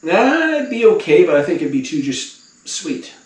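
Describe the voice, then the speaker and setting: A man's voice: high-pitched, very animated, moderate pace, distant mic. A man co-hosting a casual podcast, teasing his friends with crude wisecracks. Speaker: podcast co-host. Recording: echoey, off-mic with faint crickets.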